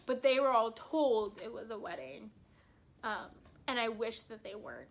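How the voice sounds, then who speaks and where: A young woman chatting casually as a vlogger, an excitable fan who laughs often and swears freely. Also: a little high, a little hiss or hum. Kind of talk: casual movie review chat.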